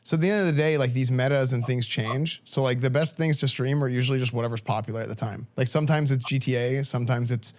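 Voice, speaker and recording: A man's voice: mid-range voice, fairly even intonation, fast, hardly any pauses. A young man from Texas, a streamer talking casually to a school class and answering questions in an informal, chatty way full of restarts. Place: classroom, indoors.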